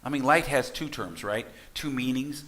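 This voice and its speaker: A man's voice: mid-range voice, normal speed, a bit bright. A middle-aged man, a minister, delivering a folksy, storytelling sermon to his congregation in a church, with asides to the listeners. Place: church sanctuary.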